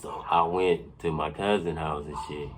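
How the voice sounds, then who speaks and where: A man telling a profane personal story in casual podcast talk, animated and laughing often, checking in with his listeners again and again. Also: extremely low pitch, moderate pace, heavy background noise. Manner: animated, laughing often, keeps saying "you know what I'm saying".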